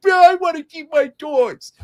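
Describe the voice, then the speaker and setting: A man's voice: very high voice, measured pace, pitched above the performer's own voice. A man doing a mocking impression of a spoiled older male politician who whines like a child. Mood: whiny. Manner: babyish, whining.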